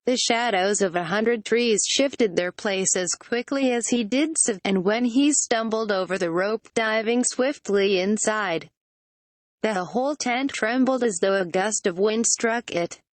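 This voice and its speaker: A text-to-speech female voice narrating a horror audiobook with a flat synthetic reading. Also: mid-range voice, unhurried, no echo.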